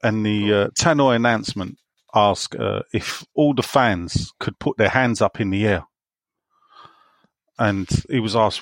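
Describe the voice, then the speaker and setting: A man's voice: on the low side, a little slow, dry recording, studio quality. A man with an East End London accent hosting a casual podcast chat, joking around and reading out listener questions. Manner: jokey, reads out listener questions. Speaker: podcast host.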